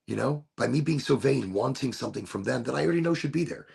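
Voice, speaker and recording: Gravelly, raspy man musing aloud. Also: mid-range voice, expressive, fast talker, darkish tone. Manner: rambling, philosophical, repeats and restarts phrases. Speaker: show host. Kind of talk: reflective solo talk show monologue.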